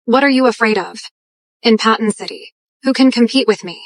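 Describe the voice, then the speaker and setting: A woman's voice: fairly high pitch, fairly quick, no echo, lightly acted. An actress playing an arrogant young woman posing as a rich heiress, imperious and scornful, in an English drama dub. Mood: haughty.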